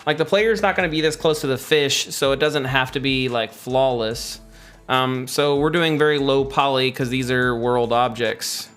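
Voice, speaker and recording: A man's voice: medium pitch, fairly even intonation, moderate pace, a bit bright, clear, resonant tone, faint music behind. Chatty man streaming his game development. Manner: rambling, chatty, answers viewer questions. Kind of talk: casual livestream chat.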